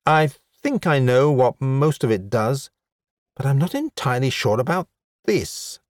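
A man's voice: mid-range voice, expressive, measured pace, no echo, clean studio sound, close to an everyday voice. A man voicing a polite, bewildered human man with no memory, speaking mildly and apologetically in a storybook reading. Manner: apologetic, mild, matter-of-fact.

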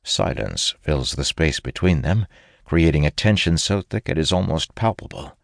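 Low voiced guy reading a fantasy book, steady pace, dry close sound. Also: moderate pace, creaky, no echo. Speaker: audiobook narrator. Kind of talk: first-person fantasy narration.

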